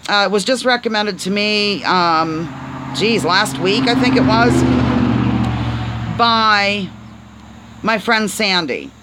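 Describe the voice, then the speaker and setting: A woman's voice: mid-range voice, slow, pauses often, heavy background noise. A woman hosting a casual live stream, chatty and playful, often stumbling over words and asking her viewers to help. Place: on a porch, outdoors.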